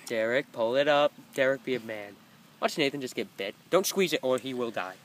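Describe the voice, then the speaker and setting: A man's voice: mid-range voice, lively intonation, a little fast, fairly bright tone. A teenage man filming his friends outdoors with a phone, joking and teasing as he narrates. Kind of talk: casual outdoor banter. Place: outdoors by a road. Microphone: phone camera held by the speaker. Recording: faint outdoor noise.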